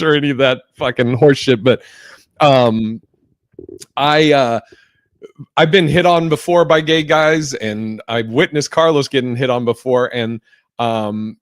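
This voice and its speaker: Swearing freely and tripping over fillers and restarts, a man chats loosely while hosting his podcast. His pitch is ordinary and mid-range, and the audio is dry and close-miked with no echo.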